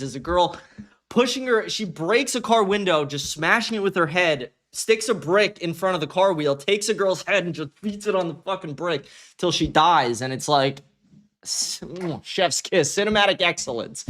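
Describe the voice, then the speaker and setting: A man's voice: sits high, expressive, fairly quick, fairly bright tone. A man hosting a livestream in casual commentary, talking in a loose, profane, rambling way and laughing at his own stories. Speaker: livestream host.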